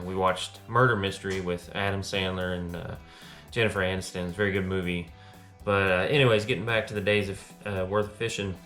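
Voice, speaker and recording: A man narrating his kayak fishing trip on a lake in a casual vlog, sometimes out of breath. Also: fairly low pitch. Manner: excited outbursts when catching fish. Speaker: fishing vlogger.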